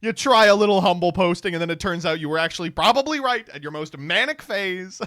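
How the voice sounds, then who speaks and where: A man's voice: high voice, a little fast, a bit bright, no room sound, clean studio sound. A man streaming reaction commentary, sarcastic and swearing, laughing often.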